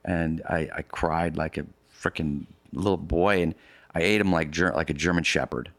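Deep-voiced man telling a rambling story. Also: moderate pace, a bit bright, dry recording. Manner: rambling, with frequent restarts and vivid asides. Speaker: interview guest recounting a polar expedition. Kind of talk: casual storytelling in conversation.

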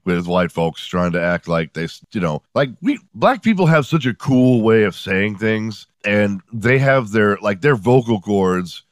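Low-voiced guy rambling through funny stories on his podcast, swears a lot, dry close mic. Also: big pitch swings, a little slow, hardly any pauses, dry recording. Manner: profane, rambling, sardonic. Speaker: podcast host. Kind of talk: comedic storytelling monologue.

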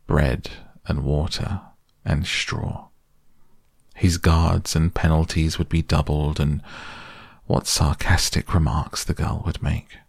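Deep gravelly male bedtime reader. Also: no room sound, studio quality. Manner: gentle, unhurried. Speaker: audiobook reader. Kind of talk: soft bedtime audiobook reading.

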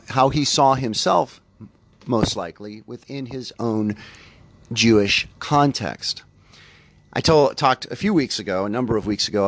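A man hosting a spiritual podcast, talking in a thoughtful, conversational way and often correcting himself as he goes. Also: fairly low pitch. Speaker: podcast host. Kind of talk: reflective spiritual podcast talk.

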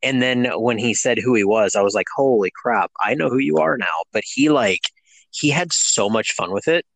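A man's voice: medium pitch, normal speed, vocal fry, a bit bright, no echo. A man co-hosting a podcast, telling stories casually with plenty of fillers. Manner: conversational, storytelling, many fillers. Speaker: podcast co-host. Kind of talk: casual interview chat.

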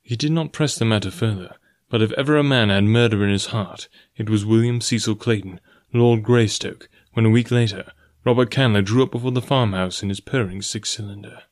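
A man narrating a novel in a steady, even storytelling way. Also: on the low side, fairly quick, few pauses, no echo, clean studio sound. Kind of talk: audiobook reading.

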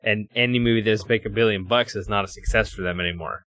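A man's voice: fairly low pitch, quick pace, a bit bright, no room sound, clean studio sound. A man co-hosting a podcast, chatting casually and joking his way through the show's outro. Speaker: podcast co-host. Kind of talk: casual chat and show outro.

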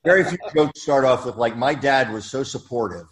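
A man chatting loosely among comedians, his stories wandering and full of asides. His voice sits at an ordinary middle pitch. He jokes easily and keeps circling back to his point. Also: lively intonation, fairly quick. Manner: rambling, joking storyteller. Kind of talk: casual comedy chat.

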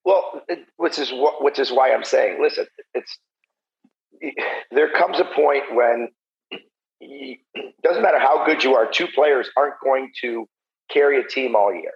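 A man's voice: mid-range voice, measured pace, vocal fry. A man and former pro hockey player, a podcast guest who talks in a blunt, profane, heated way. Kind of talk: casual podcast chat. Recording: muffled lo-fi audio.

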